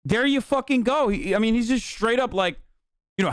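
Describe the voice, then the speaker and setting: Here is a man with a high voice reacting live on stream. He rants in an animated, profane way, and he keeps sounding stunned by what he watches. His voice comes through dry and close to the mic. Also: a little fast, clear, resonant tone, dry recording. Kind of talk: casual reaction commentary.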